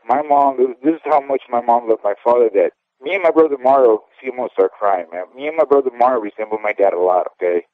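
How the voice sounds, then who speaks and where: Over a tinny, dry phone connection with no echo, a mid-range male voice races along with hardly any pauses. The speaker, a fifty-something former boxer, rambles candidly in a casual interview, repeatedly checking in with "okay?"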